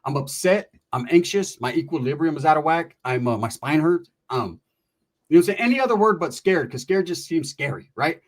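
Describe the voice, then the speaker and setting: A middle-aged man from California telling a casual comic story in an animated, profane and slangy way, with quick asides to the listener. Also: fairly high pitch. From Merced, California.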